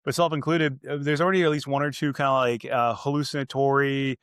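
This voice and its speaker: A man's voice: medium pitch, level tone, fast talker, a bit bright, clear, resonant tone, no room sound, studio quality. A man co-hosting a movie review podcast, chatty and self-described as a cynic. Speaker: podcast co-host. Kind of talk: casual movie review chat.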